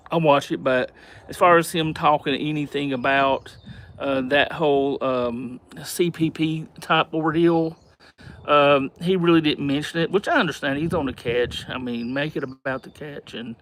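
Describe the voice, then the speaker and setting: A man hosts a casual livestream and chats with his viewers, his voice sitting a little higher than most men's. He rambles and hesitates, with plenty of fillers and restarts, as he answers their comments one by one. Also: normal speed, a bit bright, slight background noise. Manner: reads out and answers viewer comments, thanks gifters. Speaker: livestream host.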